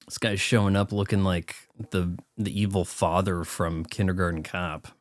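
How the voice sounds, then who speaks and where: A man's voice: sits low, little pitch movement, moderate pace, no room sound. A man giving casual movie watch-along commentary, riffing sarcastically in a rambling way. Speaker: film commentator.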